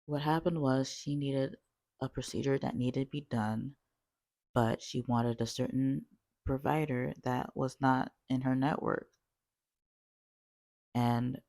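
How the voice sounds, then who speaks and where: Gravelly woman telling a work story. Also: a bass voice, no echo, studio quality. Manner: chatty, animated retelling with many fillers. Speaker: call-center worker telling a story. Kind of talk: storytime vlog.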